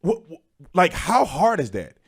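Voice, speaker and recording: Young guy ranting on his stream, voice swings up and down a lot, kinda high. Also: wildly swooping pitch, measured pace, slightly rough. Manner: preachy, rising to shouted emphasis. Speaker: livestream host. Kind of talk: opinion commentary stream.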